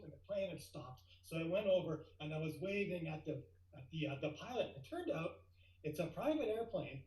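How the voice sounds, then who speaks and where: A middle-aged man telling a tall tale as a guest speaker, lively and building to excited outbursts. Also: sits high, reverberant, poor audio.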